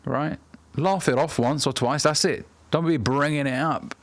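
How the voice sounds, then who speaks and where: A man in his thirties, with a voice on the high side and a normal speaking speed, acts as a coach giving blunt, profane self-improvement advice directly to the camera.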